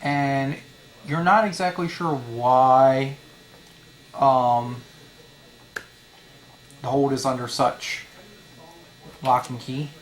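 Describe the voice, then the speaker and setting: A man narrating as dungeon master, hesitant and full of pauses and fillers. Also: mid-range voice, steady tone. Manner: halting, many fillers. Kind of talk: narrating a tabletop game.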